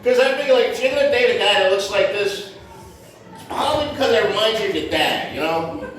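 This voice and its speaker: Brash high-voiced middle-aged comic, roomy. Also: male voice, animated, fast, crowd noise. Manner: brash, self-mocking storytelling with street slang. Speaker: stand-up comedian. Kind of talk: stand-up comedy set. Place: comedy club stage. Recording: roomy echo from far off.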